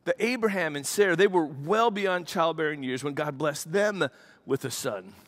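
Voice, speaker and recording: Animated man preaching a sermon. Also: on the high side, moderate pace. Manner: animated storytelling with acted-out quotes. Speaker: pastor. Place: church.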